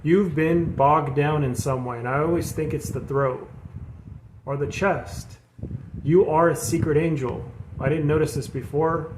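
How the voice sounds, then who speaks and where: A man's voice: fairly high pitch, steady tone, a little slow. A man giving a casual spiritual tarot reading, earnest and rambling, often repeating himself and calling his viewers "you guys". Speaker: tarot reader. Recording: echoey room with background noise.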